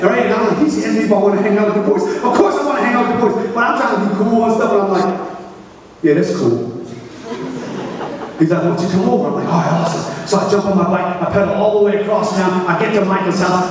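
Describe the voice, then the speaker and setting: A middle-aged man giving a storytelling speech at a youth camp, animated and acting out the people in his story. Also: sits high, quick pace, slight background noise. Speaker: motivational speaker at a youth camp. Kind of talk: storytelling speech to a young audience. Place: large hall. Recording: echoey hall, recorded from far off.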